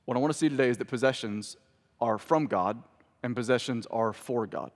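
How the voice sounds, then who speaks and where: A man's voice: mid-range voice, a little fast, in a large hall. A man in his thirties, a pastor and father, preaching a sermon in a conversational way that rises for emphasis.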